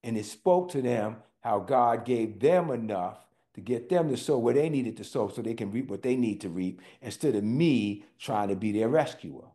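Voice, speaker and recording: A man preaching a sermon, emphatic, slowing down on key words and talking directly to his listeners. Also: mid-range voice, lively intonation, warm tone. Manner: emphatic, slows for stress, talks to listeners directly.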